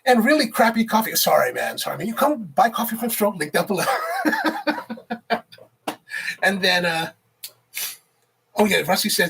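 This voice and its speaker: A man's voice: high-pitched, sing-song, a little fast, vocal fry, pauses often, a bit bright, slight background noise. A man in his forties hosting a casual livestream, rambling and reading viewer comments aloud. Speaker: livestream host, barista.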